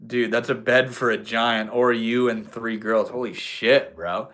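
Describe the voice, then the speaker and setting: Brief: tipsy man hosting a home livestream, slangy and profane, rambling spiritual talk, middle pitch. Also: fairly even intonation, unhurried, fairly bright tone. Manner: loose, profane, says bro and dude, preachy bursts. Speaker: livestream host. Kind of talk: casual livestream chat reading comments. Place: indoors at home.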